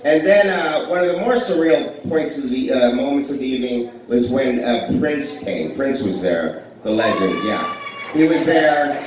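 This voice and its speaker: A male comedian in his forties telling rambling, self-deprecating stories from a club stage, with plenty of back-and-forth with the crowd. His voice sits at an ordinary middle pitch. The recording is very echoey and distant, with a faint murmur of the room behind him. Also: animated, moderate pace, a little hiss or hum. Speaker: stand-up comedian. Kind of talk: live stand-up storytelling. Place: blues club stage with a live audience. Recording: echoey club heard from far off.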